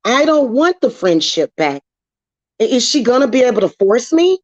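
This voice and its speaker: A woman's voice: a little high, big pitch swings, moderate pace, a little mellow, no room sound. A woman venting in a casual vlog, heated and emotional, swearing freely as she talks about spiritual work. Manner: heated, profane, emotional ranting. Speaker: witchcraft vlogger. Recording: dull, dry lo-fi sound.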